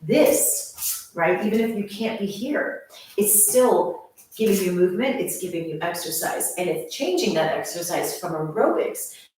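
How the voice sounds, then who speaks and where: A woman's voice: lowish voice, animated, measured pace, darkish tone, slight background noise. A young woman fitness instructor who talks to her viewers in an enthusiastic, chatty way. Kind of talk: casual channel introduction. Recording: very echoey room, voice far from mic.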